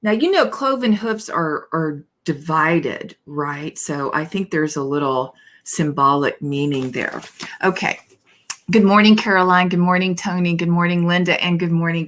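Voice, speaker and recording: A woman's voice: lowish voice, a bit bright. A woman minister giving a conversational spiritual talk, chatty and digressive, often adding "you know" and "right?" as she reads aloud from a book with asides.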